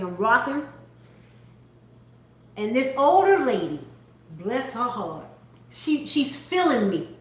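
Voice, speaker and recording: A woman hosts a faith-based talk and tells a story with plenty of animation. Her voice sits fairly high, and she acts out each character as she goes. The recording carries a heavy room echo. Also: takes it slowly, long pauses. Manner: animated storyteller acting out other people. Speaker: host. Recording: echoey room.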